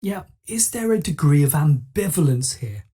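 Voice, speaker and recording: A woman reading a scripted lesson as host, explaining clearly and asking rhetorical questions. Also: low-pitched, expressive, normal speed, warm tone. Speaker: teacher.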